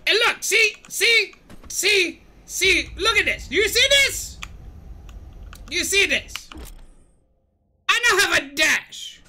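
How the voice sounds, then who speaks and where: A woman's voice: extremely high pitch, animated, slow pace, pauses often, slight background noise, exaggerated voice. Woman doing a ranting cartoon mad scientist. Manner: shouty, ranting, self-pitying. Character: grumpy middle-aged male cartoon mad scientist. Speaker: gaming streamer. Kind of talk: gameplay commentary in character.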